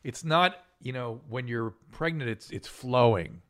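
A man hosting a casual podcast chat, talking quickly and animatedly and laughing often. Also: mid-range voice, a bit bright. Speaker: host.

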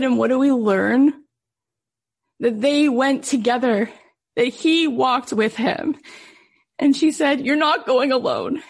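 A woman's voice: on the high side, creaky, husky. A woman podcast host telling a heartfelt personal story, emotional and acting out what others said. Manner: emotional, quotes others in lively voices.

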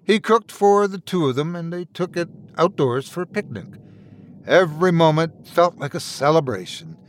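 A man narrating a dark fairy tale in an expressive, dramatic storytelling manner. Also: on the high side, normal speed, a little hiss or hum. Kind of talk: scripted horror story narration.

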